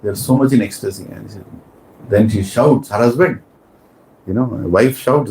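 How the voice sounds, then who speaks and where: A man telling a sacred story as a preacher in a temple hall, animated and asking his listeners questions. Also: fairly low pitch, normal speed, a little hiss or hum. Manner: animated, asks the audience questions. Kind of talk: storytelling sermon. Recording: roomy hall with faint ambience.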